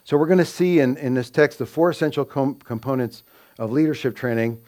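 A man's voice: medium pitch, a little fast, darkish tone. A man preaching an expository sermon, teaching earnestly and lifting his voice to stress quoted scripture. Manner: earnest teaching with frequent fillers and restarts, rising emphasis on quoted scripture.

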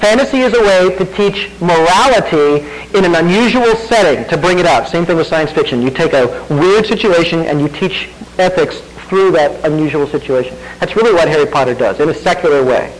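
A middle-aged pastor gives a conversational sermon full of rhetorical questions, with occasional self-directed laughter. He talks a little fast with few pauses in a voice on the high side, and the recording is rough.

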